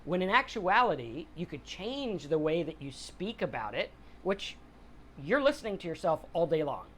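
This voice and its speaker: A middle-aged host with a high-side, slightly bright, sing-song voice speaks at normal speed on his podcast about mental health and staying sober. He keeps it conversational and motivational, imitating others when quoting them, with a little hiss or hum in the background.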